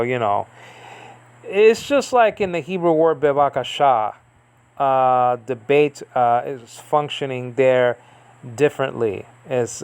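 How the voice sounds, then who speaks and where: A man with a gravelly, mid-pitched voice leads a casual Bible study. He rambles, circles back and fills pauses as he thinks aloud. The sound is close and dry, with no room around it. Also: fairly bright tone, no room sound. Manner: rambling, full of fillers and asides. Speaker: Bible teacher.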